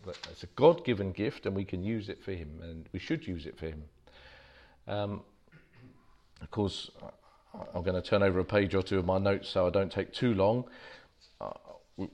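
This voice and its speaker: A man's voice: low-pitched, a little mellow. A man gives an informal teaching talk to a small audience as a street preacher, telling stories about himself in a self-deprecating, anecdotal way. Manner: self-deprecating, anecdotal, with frequent restarts and chuckles. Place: meeting room with a small audience.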